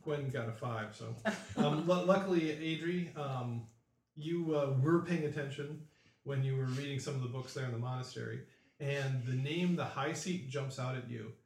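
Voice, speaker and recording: A man's voice: mid-range voice, moderate pace, vocal fry, far from the mic. Man running a tabletop game, echoey room. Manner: relaxed, with fillers and restarts while describing. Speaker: game master. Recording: roomy echo.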